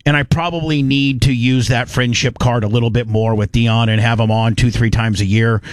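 Dry-voiced radio host, rambling sports chat. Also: male voice, medium pitch, steady tone, normal speed, no room sound. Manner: rambling, frequent restarts. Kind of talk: casual sports talk.

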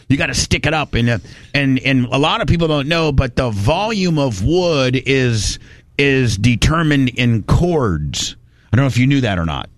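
A man's voice: medium pitch, fairly bright tone, no echo. Folksy rambling storyteller man. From Indiana. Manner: rambling, folksy, restarts often. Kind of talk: casual storytelling.

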